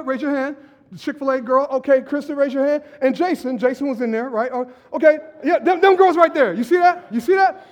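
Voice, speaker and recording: A man preaching a lively, conversational sermon and joking with his congregation. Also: very high voice. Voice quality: animated, jokey, talks with the audience. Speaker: pastor. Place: church sanctuary. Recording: long hall reverb.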